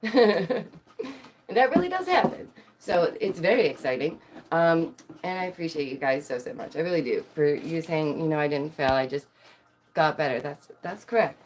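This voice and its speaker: Bubbly woman vlogger, slightly low-pitched, giggles often, dramatic acted-out quotes. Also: expressive, normal speed, a little hiss or hum. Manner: dramatic, puts on voices for quotes. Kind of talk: casual chat to viewers.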